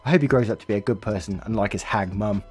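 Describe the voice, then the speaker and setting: A man reading online stories aloud, acting out the angry quotes with big jumps in pitch, and chuckling through his own casual comments in between. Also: fast, a little mellow, slightly rough. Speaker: reddit story narrator. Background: faint background music.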